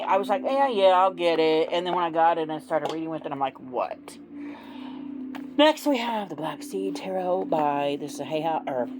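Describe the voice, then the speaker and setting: A middle-aged woman reviewing tarot decks in a casual, gushing vlog, giggling often and using plenty of fillers. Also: fairly low pitch. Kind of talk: casual show-and-tell vlog. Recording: noticeable background noise.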